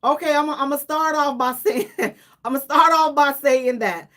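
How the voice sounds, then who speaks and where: A female radio presenter with a high-pitched voice talks at normal speed. Her laid-back, animated remarks lean on emphasis and repetition, broken up by laughter.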